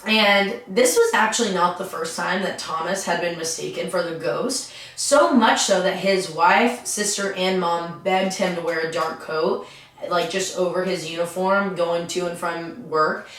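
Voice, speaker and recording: A woman's voice: on the low side, a little slow, fairly bright tone. Chatty woman telling a true-crime story. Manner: chatty, jokey, breaks into silly quoted voices. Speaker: podcast co-host. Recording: echoey room.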